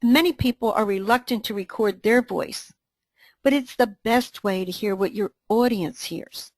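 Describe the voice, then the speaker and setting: A woman co-presenting a training webinar, reading a scripted dialogue in an even, instructive way. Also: medium pitch, moderate pace, no echo.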